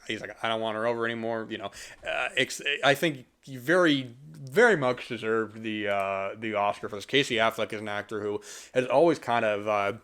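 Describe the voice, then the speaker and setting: A young man from the US East Coast rambles through a casual film review, pausing on fillers and starting sentences over. His voice sits a little low. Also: fairly bright tone. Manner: rambling, many fillers and restarts. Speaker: podcast host.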